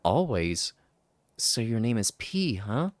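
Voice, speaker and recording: A man's voice: mid-range voice, big pitch swings, slow, slight background noise. A man voicing an earnest young boy hero, polite and curious. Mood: friendly.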